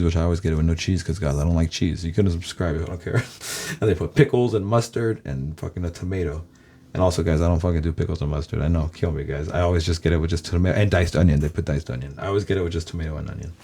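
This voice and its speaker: A man's voice: low-pitched, dark tone. A man from Los Angeles with a Californian American accent, rambling to his viewers in a casual, profane monologue full of "guys". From Los Angeles, USA. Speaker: vlogger.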